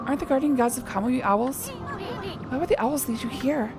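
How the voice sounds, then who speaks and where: A woman voicing a tiny, brash male wandering artist sprite who talks quick and teasing, with game music behind. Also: sits high, sing-song, background noise. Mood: urgent.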